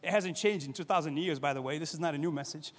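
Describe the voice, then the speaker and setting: Middle-aged male pastor, high voice, lively conversational sermon, long hall reverb. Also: fast talker. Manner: conversational, animated, acts out quoted voices.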